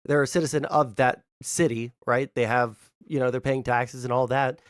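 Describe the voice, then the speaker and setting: A man raised in the US Deep South talks politics in a loose, profane way, with a faint Southern lilt under his speech. His voice is close to the mic and dry, with little room sound. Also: fairly even intonation, clean tone, dry recording. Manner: casual, profane, quick asides. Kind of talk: casual political chat.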